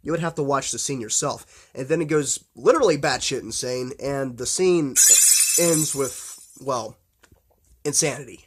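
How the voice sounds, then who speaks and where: A man in mid pitch, talking off the cuff about films he loves. He rambles, trips over restarts and fillers, and swears without a second thought. His enthusiasm keeps pushing him onward. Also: unhurried, slightly rough. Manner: blunt and profane. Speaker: horror film vlogger. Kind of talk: casual unscripted film talk.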